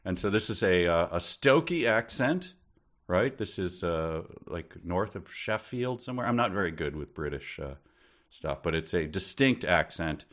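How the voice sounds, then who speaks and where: A man's voice: low-pitched, lively intonation, moderate pace, a bit bright. A man co-hosting a casual book podcast, wry and joking as he recounts the story. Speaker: podcast co-host.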